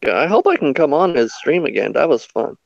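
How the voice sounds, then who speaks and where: Inquisitive guy in stream chat, gravelly voice, dry lo-fi sound. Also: fairly high pitch, big pitch swings, a little fast, dry recording. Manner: curious, asks questions. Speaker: stream guest. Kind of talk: casual chat.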